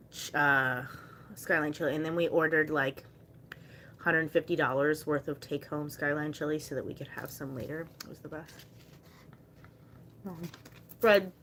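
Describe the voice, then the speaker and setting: A chatty young woman hosting a casual live stream. Her voice sits a little low, and she tells stories in an animated way with lots of "like". A faint hiss of background noise runs under her talk. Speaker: livestreamer selling handmade bracelets.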